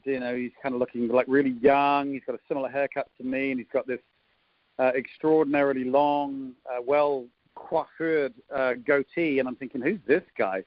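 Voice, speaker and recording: Speaking at a medium pitch, an English-accented man in his fifties runs a conference call interview with casual, teasing chatter, a jokey intro, and frequent ums. The phone-line audio is dull and dry, with no echo.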